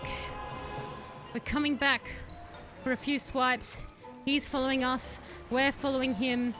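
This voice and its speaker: Her voice sits high and her pace is a little slow as she live-streams gameplay, chatting casually and addressing the boss she battles. Every so often she bursts into excited yelling, and game music plays in the background.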